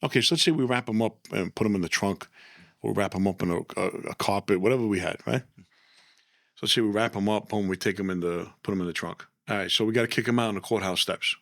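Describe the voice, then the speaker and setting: Low-voiced New man telling a story. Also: quick pace, dry recording, studio quality. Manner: animated storyteller, repeats phrases, asks "right?". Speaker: former mobster guest. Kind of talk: casual storytelling chat.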